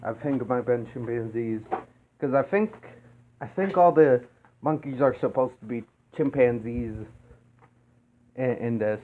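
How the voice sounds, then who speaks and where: A man talks through a movie in an easygoing, meandering way, stopping and restarting with lots of fillers and the odd swear. He speaks slowly. The sound is thin and phone-like with a faint hiss behind it. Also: medium pitch. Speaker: movie reviewer. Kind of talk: casual rambling film review.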